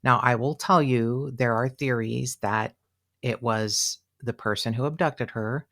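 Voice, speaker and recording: A podcast co-host walks through a true-crime case in loose, conversational talk. The voice sits at a middle pitch and gets animated, slipping into quoted voices with plenty of "you know" along the way. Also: measured pace. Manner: animated, chatty, acts out quotes, many fillers. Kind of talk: casual true-crime storytelling.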